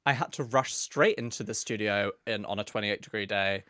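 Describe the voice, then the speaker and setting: A man's voice: fairly low pitch, fairly quick, pushed and bright, no echo. A man co-hosting a comedy podcast, ranting and reading listener letters in a theatrical, camp way from a studio. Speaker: podcast co-host.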